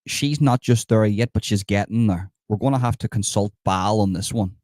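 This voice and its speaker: A man giving sarcastic live commentary over video clips, mock-approving and breaking into excitable outbursts. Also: lowish voice, moderate pace, no echo, studio quality. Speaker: satirical commentator.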